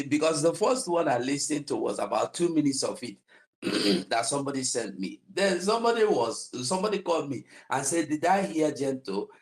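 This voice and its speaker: Guy chatting on a talk stream, animated voice, laughs a lot while telling stuff. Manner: animated storytelling, laughs often, lively pitch. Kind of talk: casual chat.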